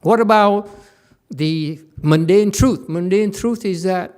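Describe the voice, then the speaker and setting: A man giving a casual Buddhist dharma lecture as teacher, animated and joking, repeating words and mimicking voices. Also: high voice, takes it slowly, clear, resonant tone. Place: temple lecture hall.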